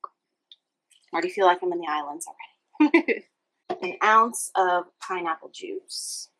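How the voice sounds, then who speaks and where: In what sounds like her home kitchen, a young woman from Louisiana presents a casual cocktail-making segment, keeping up cheerful chatter with the viewer as she mixes. Her clear, bright voice sits on the low side and moves unhurriedly over a low-quality recording.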